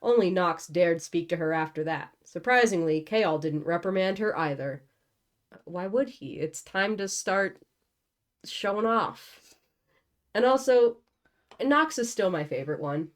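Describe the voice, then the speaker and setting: Young woman reading a novel, low voice. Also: expressive, unhurried. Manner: casual, joking asides between reading. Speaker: book channel host. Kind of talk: reading a novel aloud with commentary.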